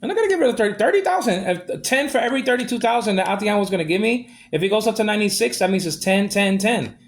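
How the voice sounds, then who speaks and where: A man vents in a long, aggrieved monologue and circles back to the same complaints. His voice is gravelly, and his pitch swings widely from high to low. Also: animated, fast talker. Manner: aggrieved, repetitive, ranting. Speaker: vlogger. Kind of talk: ranting monologue.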